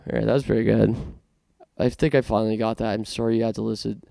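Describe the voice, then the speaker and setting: A man's voice: on the low side, flat delivery, quick pace, gravelly, mellow, no echo, clean studio sound. A man from Canada hosting a casual podcast monologue, self-conscious and rambling with many restarts. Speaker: podcast host.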